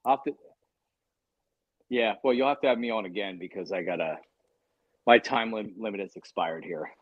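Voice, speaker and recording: A man joining a podcast as a guest, talking quickly and hesitantly, with repeated words, on a dull remote line. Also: on the low side, no echo. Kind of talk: casual chat.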